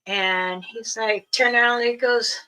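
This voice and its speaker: An older woman, a spiritual elder, talking casually to her viewers in a slow, soft, halting way with many pauses. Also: on the high side, steady tone, rough recording. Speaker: spiritual elder and channel host.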